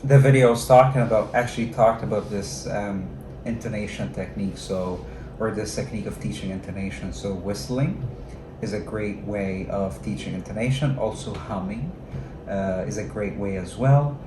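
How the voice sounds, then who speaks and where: A man with a low voice commenting on a recorded lesson like a teacher trainer. He explains steadily and pauses on fillers. His voice sits in an echoey room, with clear noise in the background. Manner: explanatory, measured, with frequent fillers.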